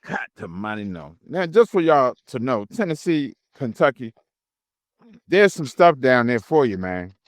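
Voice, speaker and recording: Animated storytelling trucker, dry close sound. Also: male voice, mid-range voice, measured pace, dry recording. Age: middle-aged. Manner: animated, acts out voices in his story. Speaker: podcast co-host, truck driver. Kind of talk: casual storytelling.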